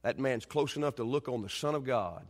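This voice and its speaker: A male pastor preaching a sermon, telling stories with shouted quotes and then dropping to quiet, earnest delivery. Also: medium pitch, animated, fairly quick. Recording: long reverb of a church hall.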